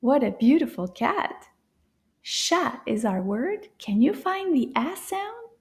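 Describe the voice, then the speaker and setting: A woman teaching a French lesson for children, cheerful and encouraging, mixing English with French and often dropping into soft whispers. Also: high voice, sing-song, slow.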